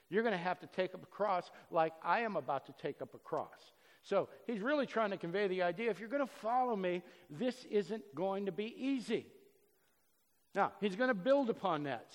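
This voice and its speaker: A man preaching a sermon earnestly, swinging between loud emphasis and soft, low passages. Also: lively intonation, moderate pace. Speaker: pastor. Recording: long reverb of a hall.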